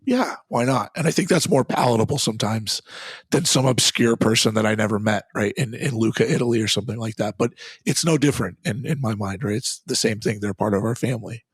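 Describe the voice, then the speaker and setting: A man's voice: fairly low pitch, a little fast, slightly rough, no echo. A man, a guest on an interview show, earnestly recounting an exorcism he took part in, in a conversational storytelling manner with frequent restarts.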